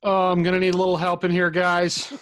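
Man, tabletop player, fairly high voice, playful. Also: completely flat delivery, fast, fairly bright tone, no echo, studio quality. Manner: playful, voices his character in quotes. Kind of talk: tabletop role-play chat.

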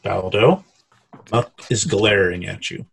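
A man's voice: on the low side, slow pace, creaky, breathy edge. A man narrating as game master of a tabletop game, hesitant with many fillers and restarts.

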